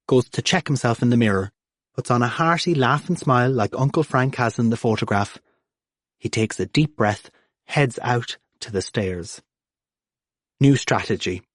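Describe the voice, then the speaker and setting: A man narrates an audiobook in a dry, close recording. He shifts his pitch to voice the different characters. His voice sits at an ordinary middle pitch. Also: no echo.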